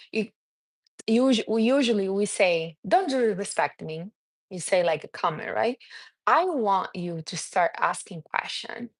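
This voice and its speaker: A woman's voice: mid-range voice, no room sound. A woman from Brazil with a Brazilian accent, talking casually and earnestly on a live stream as a self-esteem coach, answering viewers by name. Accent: Brazilian Portuguese. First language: Portuguese.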